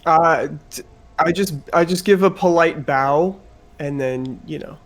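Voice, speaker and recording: Give me a blunt man playing a tabletop game, a bit higher-pitched than most. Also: measured pace. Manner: blunt, argumentative in character. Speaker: player. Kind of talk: casual tabletop game play.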